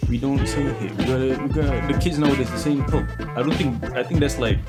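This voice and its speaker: A man's voice: medium pitch, over loud music. A man hosting a late-night podcast in a casual, joking, teasing way. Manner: joking, teasing, jumps between slow and rushed. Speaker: podcast host.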